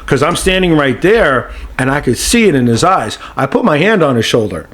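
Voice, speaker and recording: A man with a somewhat high-pitched voice tells stories as a podcast guest. His delivery is animated and casual. He peppers his sentences with "you know" as he builds each anecdote. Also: normal speed. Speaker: guest actor.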